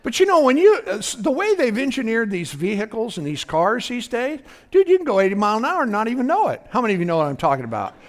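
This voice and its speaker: A man's voice: extremely high pitch, huge pitch swings, quick pace, few pauses. A man preaching a fervent sermon as pastor, often breaking in with "praise God" and asking if the congregation is listening.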